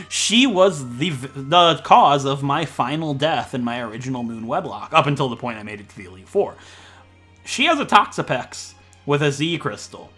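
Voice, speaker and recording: A man from Ohio with a Midwestern American accent, rambling and joking fast through casual gameplay commentary. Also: medium pitch, bright, forceful tone. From Ohio, USA. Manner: fast-talking, rambling, jokey. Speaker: let's play commentator.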